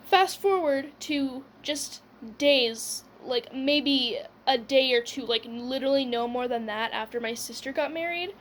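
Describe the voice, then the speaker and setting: Young woman rambling thru a story, says like a lot, kinda high voice, faint hiss behind. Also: unhurried. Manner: rambling, full of "like" and "whatever", laughing. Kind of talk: casual storytime.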